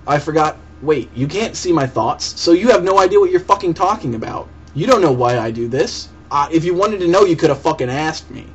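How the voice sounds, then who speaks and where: A young man with a fairly high voice delivers a profane, heated, sarcastic rant in reply to a commenter, with faint hiss behind him. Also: expressive, brisk, few pauses, slightly rough, lo-fi sound. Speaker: vlogger answering a commenter. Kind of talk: angry video rant.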